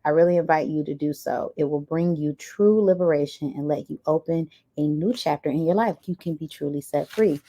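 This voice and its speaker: A woman's voice: low-pitched, a little fast, few pauses, mellow. A woman giving a pick-a-card tarot reading, reading oracle messages aloud and breaking into playful, chatty asides to her viewers. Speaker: tarot reader.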